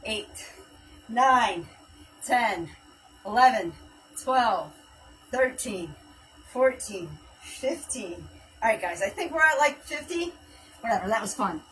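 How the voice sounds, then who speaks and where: A woman's voice: on the high side, lively intonation, slow pace, pauses often, fairly bright tone, recorded from a distance, faint music behind, rough recording. A woman hosting a live home workout stream, counting reps aloud and chatting casually while she exercises, a little out of breath. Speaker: fitness livestream host. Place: home workout space, livestream.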